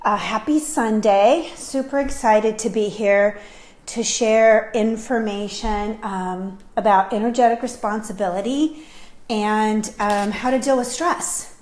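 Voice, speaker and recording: A woman's voice: medium pitch, unhurried, darkish tone. A woman hosting a casual live stream as a spiritual medium, upbeat and chatty, with frequent ums as she greets viewers. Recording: echoey room.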